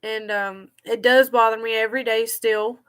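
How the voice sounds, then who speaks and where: A woman vlogger telling a personal story in a halting, heartfelt way, grieving, her voice sinking low at the saddest parts. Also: fairly even intonation, fairly bright tone, clean tone. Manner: halting and heartfelt, voice dropping low when sad.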